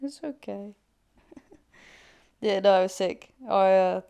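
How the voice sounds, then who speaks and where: A woman's voice: mid-range voice, slow pace, creaky, warm tone, clear, resonant tone. A young woman co-hosting a podcast, telling stories animatedly and laughing often in casual chat. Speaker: podcast co-host.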